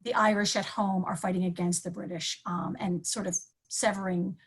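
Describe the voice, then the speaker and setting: A woman's voice: medium pitch, level tone, moderate pace, breathy edge. A woman English professor talking through book recommendations in a conversational way, with frequent ums and self-corrections. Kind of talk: recorded book-recommendation talk.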